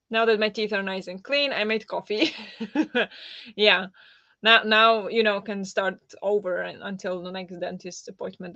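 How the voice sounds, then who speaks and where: A woman chatting casually on a livestream, trailing into fillers and reacting to comments as she goes. Her voice sits at a middling pitch. The sound is dull and lo-fi, with no room echo at all. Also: a bit bright. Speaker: livestream host.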